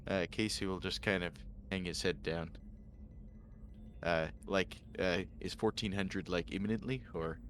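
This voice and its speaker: Deep-voiced man playing a tabletop game. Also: fairly even intonation, a little slow, slight background noise. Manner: hesitant, many fillers. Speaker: player. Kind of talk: casual tabletop play.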